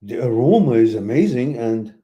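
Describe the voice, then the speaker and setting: A man hosting a live question-and-answer stream, giving blunt, animated relationship advice with emphatic outbursts. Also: moderate pace. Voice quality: animated, emphatic, swings high when exclaiming. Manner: blunt and preachy, mixes in laughter and asides. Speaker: host answering viewer questions.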